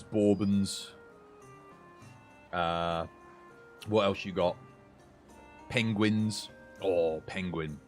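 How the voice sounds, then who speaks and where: A British man chatting casually with his live-stream viewers, rambling and answering chat. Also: lowish voice. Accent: British English. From United Kingdom.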